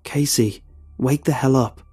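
A man's voice: mid-range voice, fairly even intonation, a little slow, slightly rough, soft background music, voice pushed up. A man doing a screaming possessed young man. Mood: furious. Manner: loud, stiff yelling.

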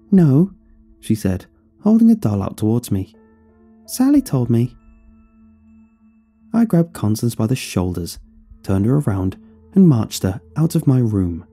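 A man narrating a first-person horror story in an expressive storytelling voice. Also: on the low side, husky.

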